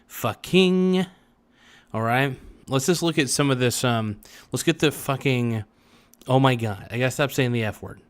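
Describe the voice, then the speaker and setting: A man's voice: mid-range voice, clean tone. Joking man hosting a rambling livestream. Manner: joking, rambling, with drawn-out words and sudden loud bursts. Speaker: livestream host. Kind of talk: casual livestream commentary.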